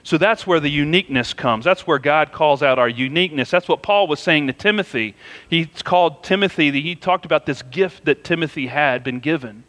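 A man's voice: a little high, normal speed, a bit bright, in a large hall. A man preaching a sermon in a conversational, storytelling way, often saying "you know" as he goes. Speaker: pastor.

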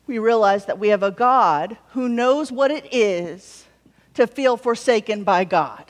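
A woman with a fairly high voice preaches a sermon, easy and conversational, dropping wry jokes between her points. Her voice rings out with a long reverb, as if she were in a large hall. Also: lively intonation, unhurried. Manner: warm conversational preaching with wry humorous asides. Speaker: pastor.

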